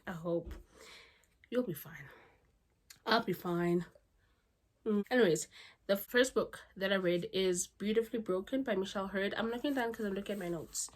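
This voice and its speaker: A woman book vlogger talking casually to her camera at home, chatty and animated, with asides and rants. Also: medium pitch, normal speed, pauses often. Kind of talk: casual chat.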